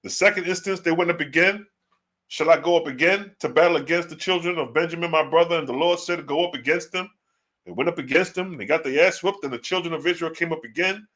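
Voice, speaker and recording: A man streams a loose, slangy commentary on scripture, breaking his readings with pointed rhetorical questions. His voice sits a little high and comes across bright and edgy, with a preachy, conversational push. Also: quick pace. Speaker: online religious teacher. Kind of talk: casual livestream Bible commentary.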